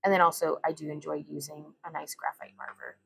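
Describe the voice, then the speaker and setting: A woman's voice: low voice, little pitch movement, brisk, gravelly, a bit bright, husky, faint music behind, low-quality recording. A young woman hosting a casual glass bead livestream from her home workbench, chatting and rambling as she greets viewers. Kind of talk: casual craft demonstration livestream.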